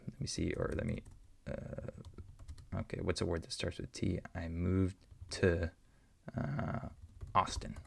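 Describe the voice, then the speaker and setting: A deep-voiced man explains English pronunciation to learners, patiently repeating example words so each sound can be heard. His voice is heavily gravelly with a husky edge. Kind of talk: explaining answers to learner questions.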